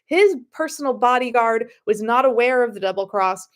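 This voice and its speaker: A woman's voice: a little high, animated, moderate pace. A woman, the author of the story, who gives a chatty summary with fillers and restarts and then reads her story aloud. She is slightly sniffly and not a professional narrator. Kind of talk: casual story introduction and reading.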